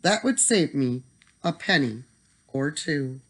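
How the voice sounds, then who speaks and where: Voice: mid-range voice, animated, slow pace. A storyteller voicing a scheming, selfish young man in a bedtime storybook reading, with a sneering, greedy manner.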